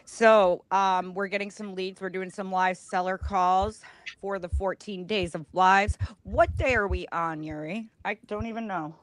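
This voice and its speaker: A woman's voice: medium pitch, fairly even intonation, measured pace. A woman co-hosting a live sales stream, joking and playful in casual chat.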